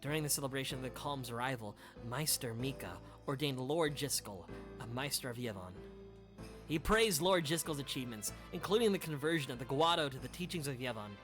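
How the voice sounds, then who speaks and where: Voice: medium pitch, animated, brisk, over music, voice pushed down, natural voice. A streamer putting on a proud, chatty old retainer. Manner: old-fashioned, folksy phrasing. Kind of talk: reading game dialogue aloud.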